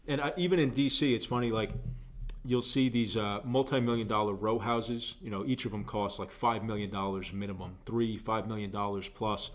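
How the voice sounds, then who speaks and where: A young man with a somewhat low voice talks through his political views as a show host. His delivery is earnest and conversational, and he leans on repeated phrases to drive points home. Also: steady tone, moderate pace. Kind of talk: opinion commentary.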